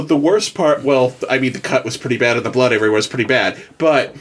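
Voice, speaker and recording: A man co-hosting a podcast, telling a story in a casual, animated way and laughing often. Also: on the high side, brisk, hardly any pauses, crowd noise. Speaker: podcast co-host.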